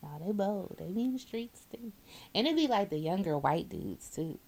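A woman's voice: medium pitch, normal speed, over a noisy crowd. A woman who drives a bus, chatting casually and telling blunt, profane work stories. She acts out the people in them. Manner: animated storyteller, acts out quotes, laughs often.

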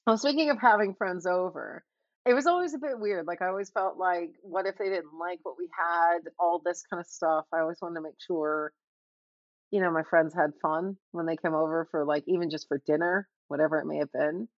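A woman's voice: on the low side, a little fast, dry recording, muffled recording. A woman co-hosting a casual chat, telling childhood stories with lots of laughter and acted-out quotes. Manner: animated storyteller, laughs often, acts out quoted voices.

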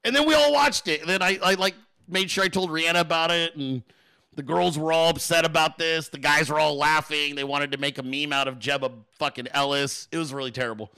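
Bright high-voiced man, animated and profane. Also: fairly quick, smooth. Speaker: podcast host. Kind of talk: casual storytelling and political rant.

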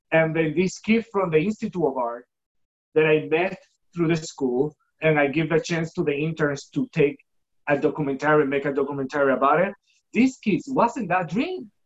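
A guest giving an emotional personal testimony, halting and repeating words for emphasis, acting out remembered dialogue. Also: dull audio. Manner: acts out quoted dialogue with shifting pitch. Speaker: guest telling a personal story.

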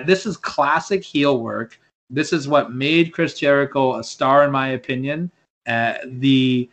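A podcast co-host talks wrestling casually in a mid-range, slightly bright male voice. He rambles as he makes his case, restarting sentences and repeating words when he does.

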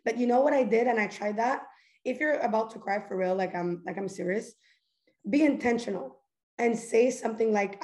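A woman's voice: a little high, moderate pace, darkish tone. Goofy, chatty young woman in an echoey room. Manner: goofy, chatty, earnest, fillers like "like". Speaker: host. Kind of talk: casual motivational talk.

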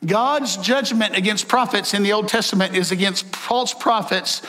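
Animated preacher man, high bright voice. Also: normal speed. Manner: folksy, animated, joking with the congregation. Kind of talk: sermon. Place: church sanctuary. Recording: echoey hall.

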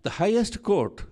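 A man's voice: a little high, darkish tone. A man preaching a sermon, telling a scripture story and repeating key phrases for emphasis.

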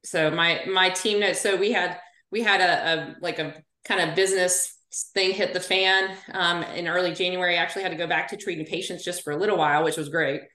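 A woman in her forties, a physical therapist, telling stories as a podcast guest in a chatty, animated way. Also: lowish voice, a little fast, few pauses. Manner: chatty storyteller, animated asides. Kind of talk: casual podcast interview. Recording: roomy echo.

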